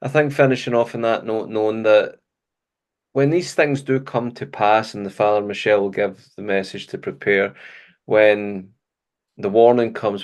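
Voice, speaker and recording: A middle-aged Scottish man hosting a faith interview, talking earnestly and laughing easily. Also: on the low side. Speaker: host. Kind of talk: casual faith interview chat.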